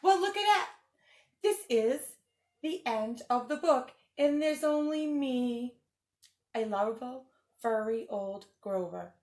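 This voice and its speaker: A woman's voice: fairly high pitch, takes it slowly, reverberant. A woman reading a picture book aloud and voicing a furry, anxious monster who pleads and frets. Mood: relieved. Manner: frantic, pleading, excitable.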